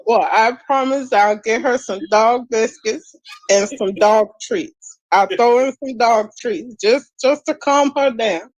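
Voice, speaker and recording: A live-stream panelist trades jokes at a very unhurried pace and in a mid-range voice. The sound is close and dry, with chuckles slipping in. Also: medium pitch, no echo, poor audio. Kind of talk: casual chat on a live stream.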